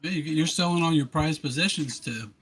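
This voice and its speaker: Co-host, man, fast and bright, a bit husky, teasing interjections. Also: a little high, faint music behind. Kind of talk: casual chat.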